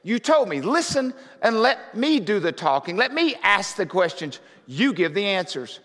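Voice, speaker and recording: A man preaching a conversational sermon as pastor, often rising to loud, fervent scripture reading. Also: sits high, sing-song, moderate pace. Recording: reverberant hall.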